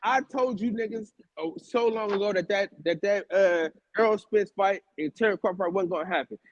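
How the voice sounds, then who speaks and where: A man's voice: high voice, brisk, highs cut off. A man co-hosting a boxing talk show, arguing heatedly, repeating himself and talking over the others with plenty of swearing. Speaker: podcast co-host. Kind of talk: heated casual argument.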